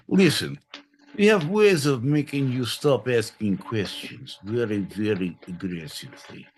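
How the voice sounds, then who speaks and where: A man co-hosting a live podcast from Southern California, profane, loud and given to laughing and theatrical outbursts. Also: mid-range voice, animated, slow, slight background noise. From United States. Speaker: podcast co-host. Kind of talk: casual live podcast banter.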